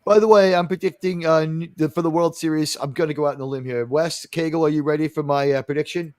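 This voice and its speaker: A man's voice: fairly high pitch, steady tone, quick pace, few pauses, a little mellow, no room sound, clean studio sound. A man hosting a casual streamed panel talk show, rambling and joking with frequent laughs. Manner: rambling, jokey, laughs often.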